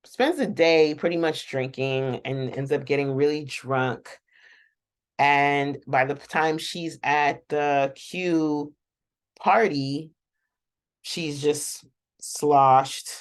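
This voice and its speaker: A woman hosting a casual, rambling reaction recap of a TV episode, chatting to viewers and laughing often. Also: sits low. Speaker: show reaction host.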